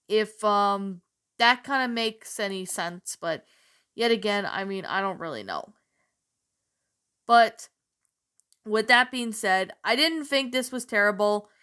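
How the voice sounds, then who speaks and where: A woman's voice: mid-range voice, bright, forceful tone, clear, resonant tone. A woman hosting her own channel, giving a casual, meandering spoken review that hedges and qualifies as she goes. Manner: meandering, hesitant, self-qualifying. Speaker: channel host reviewing a story.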